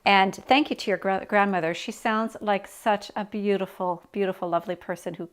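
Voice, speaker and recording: A woman hosting an interview, warm and affirming toward her guest. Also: medium pitch, steady tone, normal speed, clear, resonant tone. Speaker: host.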